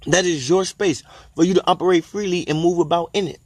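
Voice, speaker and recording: A man giving a spiritual monologue, repeating phrases emphatically and drawing key lines out slowly, with bursts of delighted exclamation. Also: high-pitched, no room sound. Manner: exclaims in delight at his own ideas. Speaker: spiritual teacher.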